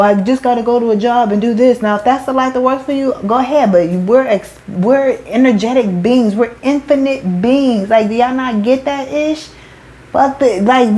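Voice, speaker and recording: Her voice is mid-range with a darkish tone, and the audio quality is poor. Working as a motivational speaker and spiritual coach, this woman preaches emphatically to followers in slangy speech, swearing liberally, often restarting, and calling them "baby" again and again.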